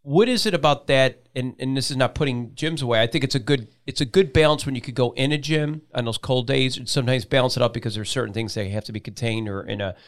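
A man's voice: mid-range voice, fast talker, hardly any pauses. Rambling talk show host, a man. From Columbus, Georgia. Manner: rambling, restarts sentences often. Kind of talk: casual talk show chat.

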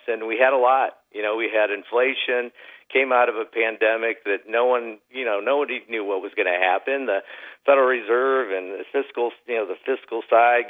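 A man giving a relaxed radio interview as an investment advisor, telling folksy stories with lots of "you know" fillers. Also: medium pitch, narrow, tinny audio. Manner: folksy storyteller, many fillers. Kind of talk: casual radio interview chat.

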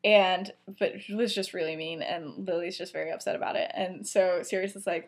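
Co-hosting a podcast, this young woman talks fairly quickly in a lowish, steady voice. Her retelling of a story is casual, rambling and giggly, with plenty of filler words.

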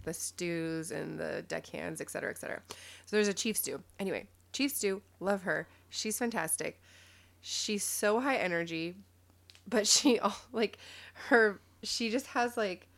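A woman's voice: medium pitch, expressive, moderate pace, creaky, a bit bright. A woman, co-hosting a podcast in a rambling, chatty way and laughing easily. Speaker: podcast co-host. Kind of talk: casual chat.

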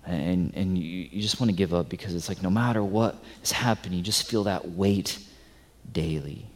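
A male pastor preaching a sermon, swinging from loud emphatic stretches to soft hushed ones. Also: sits low, moderate pace. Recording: long hall reverb.

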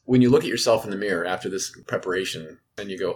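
A man with a fairly low voice recounts his experiences as a guest on an interview podcast. He is animated and enthusiastic, and laughter keeps breaking into his telling. Faint noise sits under the voice. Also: fast talker. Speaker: guest actor. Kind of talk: interview storytelling.

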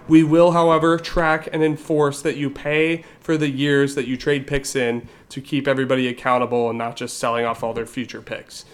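A man's voice: mid-range voice, little pitch movement, normal speed, hardly any pauses. A man co-hosting a casual fantasy football podcast, explaining league rule changes in a hesitant way with many fillers and restarts. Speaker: league commissioner and podcast co-host.

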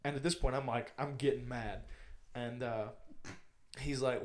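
A man's voice: medium pitch, moderate pace. A young man co-hosting a podcast, telling a story in casual chat and acting out the quotes. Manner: animated, acts out quotes in different voices. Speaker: podcast co-host.

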